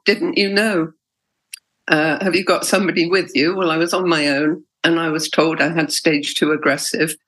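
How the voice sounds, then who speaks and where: A woman's voice: fairly low pitch, fairly bright tone, poor audio. A middle-aged woman, telling her own story in an interview, candid and emotional, with hesitations. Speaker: interviewee, patient. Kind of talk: personal interview.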